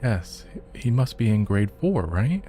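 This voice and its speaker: A man voicing a chatty elderly woman neighbor in a bright, sing-song voice. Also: on the low side, sing-song, a little slow, slight background noise, pitched above the performer's own voice. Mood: cheerful.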